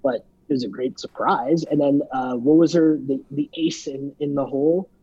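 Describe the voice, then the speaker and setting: A man's voice: medium pitch, steady tone, normal speed, warm tone, breathy edge. A man co-hosting a podcast, chatting casually about a reality show in a loose, filler-heavy way. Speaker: podcast co-host. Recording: dull lo-fi sound.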